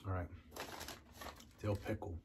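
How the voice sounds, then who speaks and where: A man casually reviewing snacks on camera, chatting between bites and savoring each taste with drawn-out mm and oh yeah sounds. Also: low-pitched, little pitch movement, creaky, noisy background. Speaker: food reviewer.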